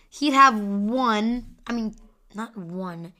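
A woman's voice: a little high, drawn-out words, sharp tone. A young woman hosting a podcast, rambling through live sports stats in a casual way, with lots of fillers as she thinks aloud. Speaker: podcast host.

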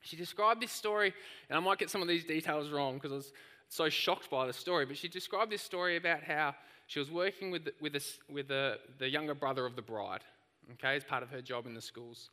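A man preaching a sermon, telling stories in an animated, lively way. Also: on the high side, a little fast, big-room sound. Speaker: pastor.

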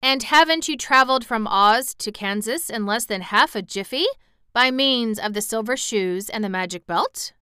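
A woman's voice: a little high, moderate pace, clean tone, no echo, studio quality, voice pushed up. Courtly fox king, read by a woman. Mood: amused. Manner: courtly, flattering, lively. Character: grand, gracious male fox king.

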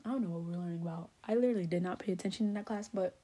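A young woman with Haitian roots giving her opinions in a sassy, animated way, full of "like" and rhetorical questions. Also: fairly low pitch, racing, slightly rough. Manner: sassy, animated, lots of fillers. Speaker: vlogger. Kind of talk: casual opinion rant.

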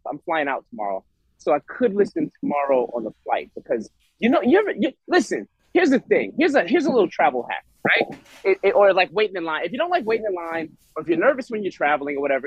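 Animated rambling male podcast co-host. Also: high-pitched, husky, no room sound, dull audio. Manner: animated, rambling, restarts a lot. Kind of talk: casual chat.

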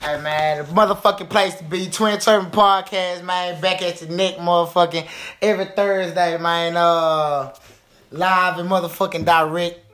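A man's voice: high-pitched, steady tone, moderate pace, a bit bright. A man co-hosting a podcast, joking and trash-talking in brash, profane casual chat. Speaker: podcast co-host.

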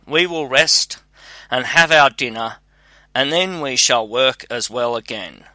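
A man's voice: medium pitch, a little slow, pushed and bright, no echo, poor audio. A man reading a storybook voicing an older father who worries about his son. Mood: calm. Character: worried, cautious old father.

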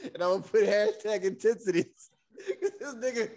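A young man co-hosting a podcast, telling a story casually and acting out his friends' lines with loud outbursts and laughter. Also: high-pitched, normal speed. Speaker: podcast co-host.

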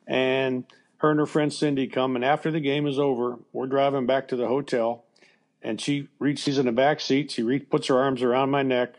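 A man's voice: medium pitch, a little mellow. An older man, a former baseball coach, telling a personal story in an interview in a plainspoken, conversational way with fillers and restarts. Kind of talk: emotional storytelling in a podcast interview.

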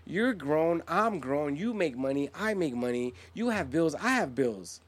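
A man's voice: fairly high pitch, measured pace. A middle-aged man co-hosting a podcast, telling a story in casual chat with lots of swearing and acted-out voices. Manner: profane, animated storyteller who acts out quotes. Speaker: podcast co-host.

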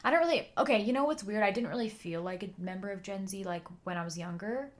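A woman's voice: mid-range voice, fast talker. A woman in her twenties co-hosting a podcast in casual chat, rambling with lots of fillers and frequent laughter. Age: 20s. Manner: giggly, rambling with many "like" fillers. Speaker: podcast co-host.

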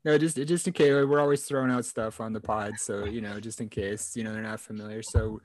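Low-voiced male podcast host. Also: steady tone, brisk, darkish tone, no room sound. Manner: conversational, full of fillers and restarts. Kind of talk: casual chat.

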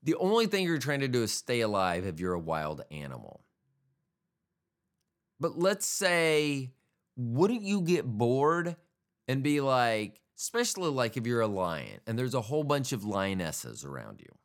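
Rambling man with a lively low voice. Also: fairly quick, few pauses. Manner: rambling, profane, jokey. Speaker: podcast host. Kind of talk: casual solo podcast monologue.

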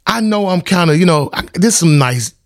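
A middle-aged man hosting a podcast in casual chat, animated and laughing, swinging from loud outbursts to low, earnest talk. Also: moderate pace, no echo, clean studio sound. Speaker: podcast host.

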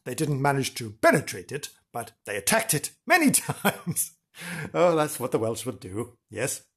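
A man's voice: mid-range voice, huge pitch swings, moderate pace, a bit bright, slightly rough. A man telling a legend in a playful, theatrical way, full of jokey asides and chuckles. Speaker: storyteller. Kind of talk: playful storytelling narration.

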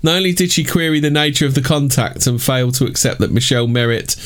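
A man's voice: medium pitch, quick pace, fairly bright tone. A man hosting a crude casual chat, reading out news with sarcastic asides and frequent laughs. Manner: laughs often, reads headlines aloud with sarcastic asides.

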